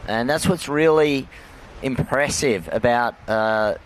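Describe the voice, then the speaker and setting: A man's voice: medium pitch, slow, a little hiss or hum. A man doing live play-by-play for a surf contest, describing riders and scores. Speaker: surf commentator. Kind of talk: live sports commentary.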